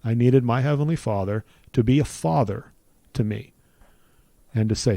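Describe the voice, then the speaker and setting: Earnest middle-aged man, mellow voice. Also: medium pitch, normal speed, gravelly, no room sound. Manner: earnest, preacherly build-ups with repeated phrases. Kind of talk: personal testimony in conversation.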